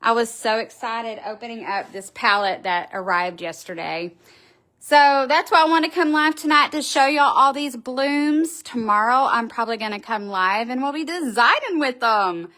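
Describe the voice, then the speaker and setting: A woman's voice: on the high side, lively intonation, moderate pace, sharp tone. A middle-aged woman, hosting a casual live stream from her wreath shop, gushing and chatty as she answers viewers.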